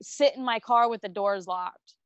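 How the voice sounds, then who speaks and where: A woman's voice: mid-range voice, normal speed, a bit bright, clean tone, no echo. A woman speaking candidly in a casual podcast chat about feeling unsafe alone. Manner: earnest, candid about fears.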